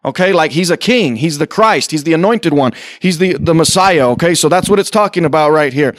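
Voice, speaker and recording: Man, pastor, sermon, dry close mic, high voice, plays out quoted voices. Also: lively intonation, a little fast, dry recording. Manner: conversational, sarcastic asides, acts out quoted voices.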